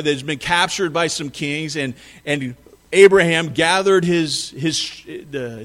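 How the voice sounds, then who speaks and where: A man's voice: on the high side, a bit bright. A man preaching a sermon, reading scripture and retelling it in a conversational, emphatic way. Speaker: pastor.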